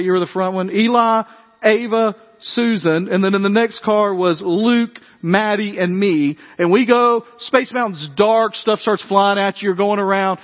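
A man preaching a sermon, telling animated family stories in a conversational way and acting out the voices. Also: high voice, long reverb tail, dull audio. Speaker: pastor. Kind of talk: sermon storytelling.

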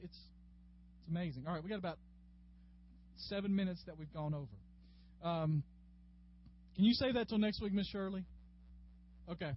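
A man leads a Bible class in a chatty, folksy way, his voice sitting fairly high for a man. The recording is dull and lo-fi, with a faint hum in the room behind him. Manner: folksy and chatty, addressing class members by name. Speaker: Bible study teacher. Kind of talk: conversational Bible class teaching. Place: classroom with a group.

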